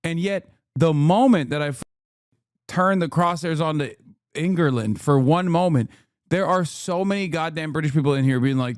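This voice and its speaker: A man streaming, reacting to a video in a sarcastic, profane rant that comes in rapid bursts. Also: a little high, no room sound, studio quality. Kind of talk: casual livestream rant. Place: studio in the United States.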